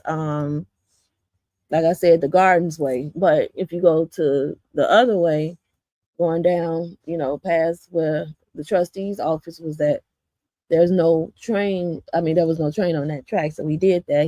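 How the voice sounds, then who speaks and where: A woman's voice: sits low, dark tone, no echo. Blunt, swearing woman telling a story. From south suburbs of Chicago. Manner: blunt, profane, rambling with many fillers. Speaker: community vlogger. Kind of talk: casual storytelling to viewers.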